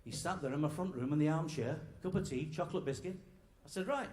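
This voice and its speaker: A man's voice: on the high side, quick pace, warm tone. A man, an after-dinner comedian, telling joke stories and playing out both sides of each dialogue. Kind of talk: stand-up storytelling with jokes. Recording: roomy hall echo, faint background noise.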